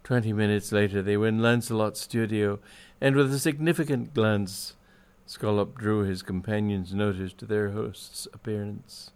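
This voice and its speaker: A man reading a comic story aloud in dry, measured narration with wry timing. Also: fairly low pitch, steady tone, darkish tone, smooth.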